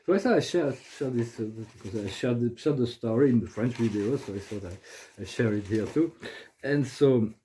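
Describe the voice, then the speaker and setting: A man hosting a casual spiritual video, soft-spoken and halting, often repeating words and restarting his sentences. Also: medium pitch, slight background noise, poor audio. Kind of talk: casual spiritual vlog talk.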